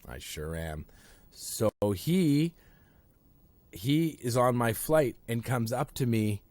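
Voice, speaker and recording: A man's voice: medium pitch, takes it slowly, darkish tone, no room sound. A man co-hosting a podcast, rambling and poking fun at himself in casual chat. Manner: rambling, self-deprecating, many fillers. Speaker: podcast co-host.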